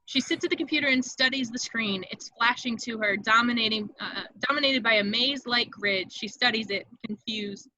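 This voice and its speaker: A woman reading stage directions aloud in an amateur online table read, brisk and vivid, with occasional slips she corrects. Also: a little high, sharp tone, no echo, dull audio.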